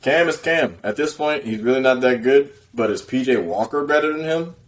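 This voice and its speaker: A man's voice: mid-range voice, animated, moderate pace, a little hiss or hum. A man co-hosting a podcast on a video call, talking sports in a laid-back, blunt, slangy way. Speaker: podcast co-host. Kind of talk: casual sports chat.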